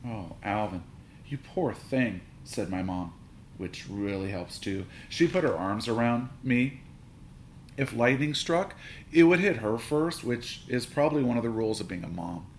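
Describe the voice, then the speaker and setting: A man narrating a children's story aloud in an animated, playful way. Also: medium pitch, normal speed. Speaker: audiobook reader. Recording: roomy reading with faint hiss.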